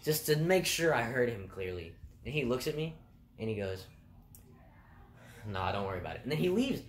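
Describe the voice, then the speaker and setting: A man's voice: mid-range voice, big pitch swings, moderate pace, pauses often, a little hiss or hum. A young man casually rambling through funny stories from his food court job, laughing and swearing as he goes. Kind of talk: casual storytelling.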